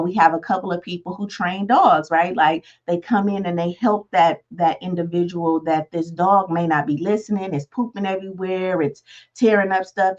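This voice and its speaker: A woman talks through a life lesson as a coach. Her delivery is loose and conversational, full of restarts and "right?" check-ins. Her voice sits fairly low, and the recording sounds dull and lo-fi. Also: darkish tone. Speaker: life coach, podcast host. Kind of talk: motivational talk.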